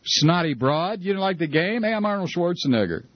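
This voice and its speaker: A man's voice: sits high, animated, a little fast, dry recording. A man doing a mocking impression of a smug, dismissive male celebrity politician, over a dull, lo-fi radio broadcast.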